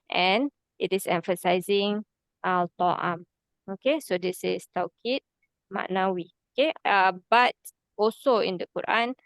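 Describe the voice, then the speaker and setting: A woman's voice: mid-range voice, dry recording. A woman, teaching an Arabic grammar class patiently, step by step, with frequent "okay"s. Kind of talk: online class explanation.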